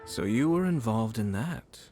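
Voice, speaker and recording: An actor playing a poised, courteous young noble commissioner in a video game, who speaks in a formal, measured, polite way. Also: male voice, mid-range voice, lively intonation, dark tone. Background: game music.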